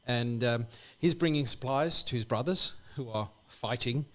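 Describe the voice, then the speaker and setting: Brief: Australian man, lively storytelling on a church radio slot. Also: mid-range voice, normal speed. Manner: lively, animated storyteller who acts out characters. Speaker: church guest.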